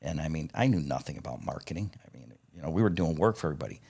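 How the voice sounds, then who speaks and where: A man's voice: very deep voice, expressive, racing, creaky, warm tone, husky. A man in his fifties, a podcast guest telling stories from his working life in a blunt, profane way, acting out quoted dialogue and chuckling between lines. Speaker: podcast guest, parts company founder. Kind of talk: casual anecdotal storytelling.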